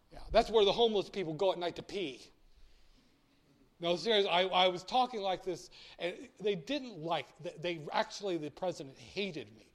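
A man's voice: sits high, moderate pace. A man lecturing on finance in a blunt, theatrical way, acting out little dialogues. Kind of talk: recorded lecture.

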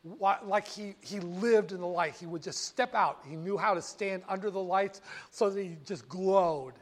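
Older male storyteller, high-pitched, folksy and animated recounting of the past. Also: normal speed. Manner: animated, folksy, self-correcting. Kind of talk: casual historical storytelling.

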